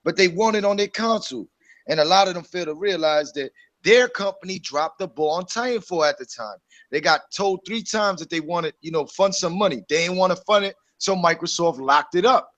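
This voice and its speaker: A man in casual gaming chat, preachy and animated. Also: high voice, a little fast. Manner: animated, preachy, mocks others in a put-on voice. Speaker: co-host.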